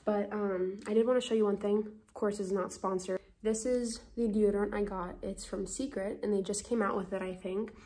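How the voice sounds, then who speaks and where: A woman's voice: mid-range voice, fairly even intonation, normal speed, hardly any pauses, mellow, slightly rough. A young woman chatting casually in a beauty vlog, talking to the camera with fillers and small laughs. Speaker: beauty vlogger.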